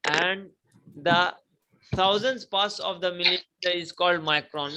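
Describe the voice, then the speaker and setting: A man's voice: high voice, a little slow, pushed and bright, low-quality recording. A male teacher, giving a classroom lecture, repeating key points and asking students to repeat after him. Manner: repetitive, emphatic, prompts students to repeat.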